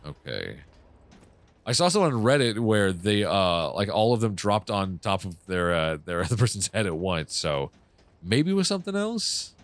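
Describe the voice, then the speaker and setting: A man casually commenting on his own game playthrough, swearing often and reacting loudly to what happens on screen. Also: lowish voice, sing-song, moderate pace. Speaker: gaming channel host. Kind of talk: casual let's play commentary.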